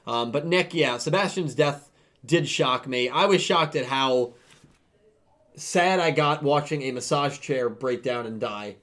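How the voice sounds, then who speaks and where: A man's voice: mid-range voice, unhurried, a bit bright. Guy cohosting a podcast, chill chatty voice, upbeat, thanks the chat. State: recovering throat. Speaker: podcast co-host.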